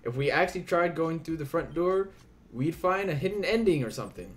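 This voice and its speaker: Brief: young male game host, lively pitch, playful, reads the dialogue in voices. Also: brisk. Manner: playful, voices the characters, casual swearing. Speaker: let's play host. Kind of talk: game playthrough, reading dialogue aloud.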